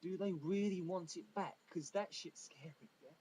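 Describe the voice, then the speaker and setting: Male stand-up comic, slightly high pitch, deadpan delivery. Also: normal speed, slight background noise, rough recording. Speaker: stand-up comedian. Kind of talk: stand-up routine.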